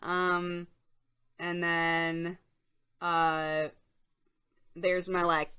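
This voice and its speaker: A young woman hosts a relaxed stream chat, talking into a desk microphone. Her voice sits a little low for a woman, and she chats and giggles easily while answering viewers. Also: a little slow. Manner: chatty, giggly, reads chat aloud. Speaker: streamer host. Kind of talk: casual live-stream chat.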